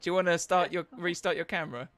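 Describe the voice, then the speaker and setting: A man narrating as dungeon master in an animated, laughing way, often searching for words. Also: sits high, fast. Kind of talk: narrating a tabletop game.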